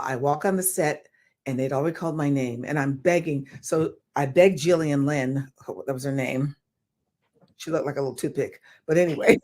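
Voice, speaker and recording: An older woman telling stories as an interview guest, animated and swearing freely as she acts out the people involved. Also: lowish voice. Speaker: guest actress. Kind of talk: storytelling in an interview.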